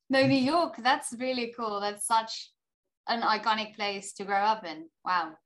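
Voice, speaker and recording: This young adult woman, an actor and filmmaker, speaks with a South African accent in a voice on the high side. She chats slowly and casually as an interview guest, filling her talk with "you know."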